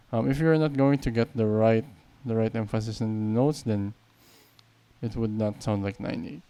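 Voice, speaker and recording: Mellow-voiced male piano teacher. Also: lowish voice. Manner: counts beats aloud while playing, explains patiently. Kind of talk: piano tutorial. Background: piano playing.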